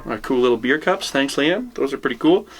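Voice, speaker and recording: A man hosting a casual whiskey tasting, joking around and reading tasting notes slowly. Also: mid-range voice, lively intonation. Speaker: show host.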